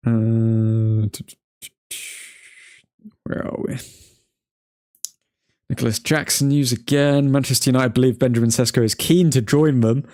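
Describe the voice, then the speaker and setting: A man's voice: medium pitch, fairly even intonation, unhurried, long pauses, darkish tone. Chatty man hosting a live stream. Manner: chatty, reads updates aloud, hums while scrolling. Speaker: livestream host reading transfer news. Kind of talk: casual live stream chat.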